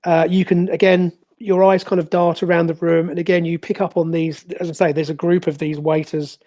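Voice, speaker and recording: A game master narrating a tabletop game, pausing often with fillers and restarts. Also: medium pitch, little pitch movement, dark tone. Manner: hesitant, many fillers and restarts.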